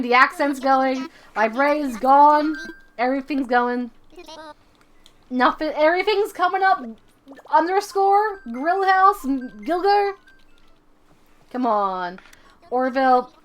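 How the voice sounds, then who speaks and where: A woman's voice: high voice, animated, slow, long pauses. A woman streaming a video game live, chatting casually and rambling, often repeating her own phrases.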